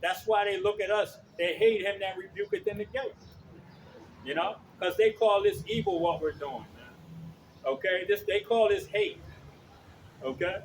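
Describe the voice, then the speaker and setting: A man preaching outdoors on the street, loud and blunt, swearing and checking in with his listeners again and again. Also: sits high, normal speed, slight background noise. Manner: loud, blunt, profane, keeps asking "okay?".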